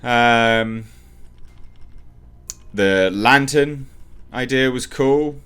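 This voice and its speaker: A man's voice: mid-range voice, drawn-out words, a bit bright, clear, resonant tone. A man reviewing a movie trailer in casual reaction commentary, opinionated and rambling as he thinks aloud with frequent ums.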